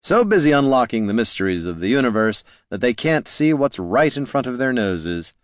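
A man's voice: mid-range voice, very animated, normal speed, no echo, clean studio sound, pitched above the performer's own voice, lightly acted. A man voicing a smug, airy bard. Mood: sly. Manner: airy, sly, sing-song delivery. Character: smug flamboyant male bard, teasing and theatrical.

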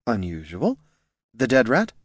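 A man voicing a boisterous, tipsy female elf adventurer who talks in a loud, gushing way. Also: mid-range voice, measured pace, no echo, studio quality. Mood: dry curious. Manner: loud, gushing, slurred excitement.

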